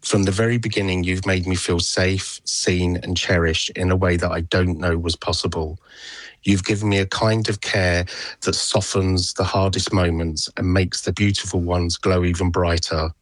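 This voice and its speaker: Deep, flat-voiced man reading a love letter calmly, dry sound. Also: no room sound. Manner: calm, measured, tender.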